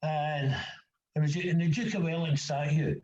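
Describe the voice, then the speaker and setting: A man telling lively anecdotes in casual chat, acting out the dialogue and laughing often. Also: a little high, moderate pace. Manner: animated storyteller, acts out dialogue, laughs often. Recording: dull, echoey sound.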